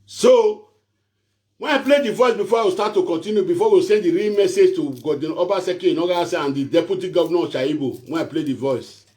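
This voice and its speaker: A man with a high-pitched voice and a strong Nigerian Pidgin accent delivers a preachy, repetitive rant straight to his followers. He hammers the same phrases over and over and then turns to pleading. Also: brisk, a little mellow. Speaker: social media prophet and show host. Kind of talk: animated rant to camera.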